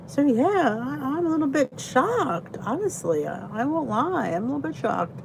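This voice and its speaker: A woman's voice: high voice, sing-song, moderate pace, gravelly, noisy background. A tired, chatty woman hosting a casual livestream from her basement, greeting viewers by name and laughing often. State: tired, yawning. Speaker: channel host. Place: basement by a heater.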